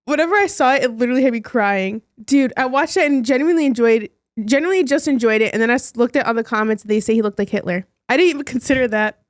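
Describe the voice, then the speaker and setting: A woman's voice: a little high, quick pace, hardly any pauses, no echo, studio quality. A woman co-hosting a podcast, chatting casually, swearing and telling stories with laughs. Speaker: podcast co-host. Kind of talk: casual chat.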